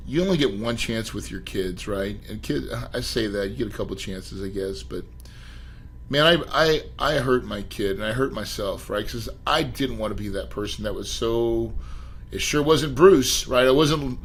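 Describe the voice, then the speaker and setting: A middle-aged man, a podcast guest, telling his life story in an emphatic, animated way and addressing the host directly. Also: mid-range voice, slight background noise, low-quality recording. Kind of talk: storytelling interview.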